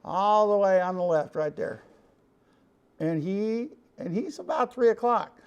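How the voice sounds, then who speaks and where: Man, Chicago accent, high-pitched, folksy studio producer, hands-on guitar lesson. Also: expressive, a little slow, darkish tone, smooth. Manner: folksy, calls people "Mister". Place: recording studio.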